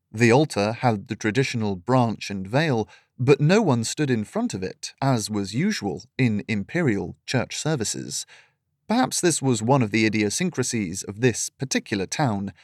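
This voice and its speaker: A man reading a fantasy story aloud in steady, measured scripted narration. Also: mid-range voice, no echo, clean studio sound.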